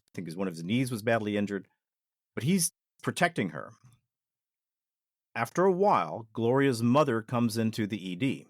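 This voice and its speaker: A man's voice: medium pitch, dry recording, clean studio sound. Earnest man telling an eerie story. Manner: deliberate, earnest storyteller who takes his time. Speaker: podcast guest, former ER nurse. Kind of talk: recounting a paranormal experience.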